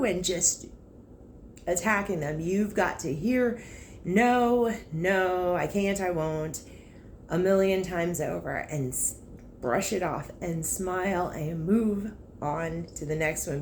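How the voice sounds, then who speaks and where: In a casual vlog, a woman who sells cars speaks frankly and with emotion about her job, laughing and tossing in blunt asides. Her voice is on the low side and a little mellow, and a faint hiss or hum runs underneath.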